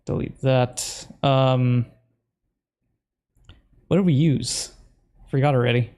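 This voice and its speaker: A man's voice: mid-range voice, fairly even intonation, slow, gravelly, dark tone. A man, a video creator, talking casually to himself as he edits, muttering instructions and breaking into puzzled exclamations. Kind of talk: casual commentary while editing video.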